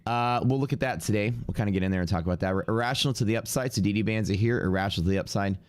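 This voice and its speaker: Low-voiced stuffy man thinking aloud. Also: very fast, clear, resonant tone. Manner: offhand, thinking aloud while reading out numbers. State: congested with sniffles. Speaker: live-stream day trader. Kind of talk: casual live-stream commentary.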